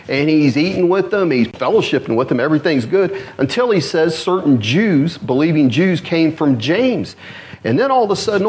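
A man preaching an expository sermon, asking his listeners questions, answering them himself and repeating key words for emphasis. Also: on the high side.

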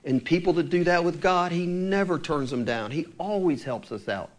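A man preaching a sermon, retelling scripture stories with animated delivery and acting out the lines of the people in them. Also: on the high side, normal speed.

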